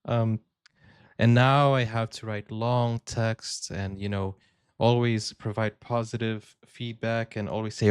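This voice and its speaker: A man's voice: mid-range voice, normal speed, a little mellow, clear, resonant tone, no echo, studio quality. A man hosting a reaction video, talking casually and acting out little back-and-forth dialogues as he makes his point. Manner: chatty, acts out little dialogues, frequent "like" and "you know".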